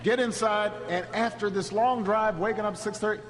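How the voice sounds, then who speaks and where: The speaker is a man with a high voice addressing a crowd as a political speaker, telling a story. He speaks in fits and starts, repeating words at each restart, and finishes with a rousing shout; the hall is echoey with constant background noise.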